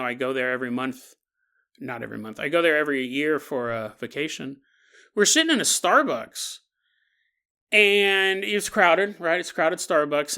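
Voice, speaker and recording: A man's voice: a little high, bright, forceful tone. A man in his forties hosting a podcast, telling stories in a rambling, casual way, correcting himself and chuckling as he goes. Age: 40s. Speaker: podcast host.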